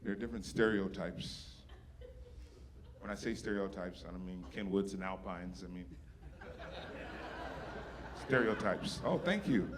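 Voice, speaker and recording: A man's voice: low voice, unhurried, pauses often. A man doing a stand-up set, teasing the audience with brash, profane crowd work. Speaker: stand-up comedian. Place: stage before a live audience. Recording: live show with loud audience laughter.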